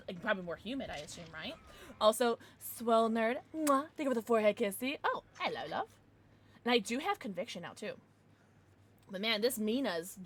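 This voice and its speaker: A young woman chats away as she streams a game, her pitch bouncing up and down. She rambles, curses, and reads her chat aloud in an easy, unscripted way. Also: fairly bright tone. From Midwestern United States. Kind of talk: casual live-stream chat while gaming.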